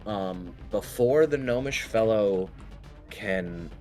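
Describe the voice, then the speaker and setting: A man narrating a tabletop game as game master, halting often with ums and restarts. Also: on the low side, darkish tone, faint music behind.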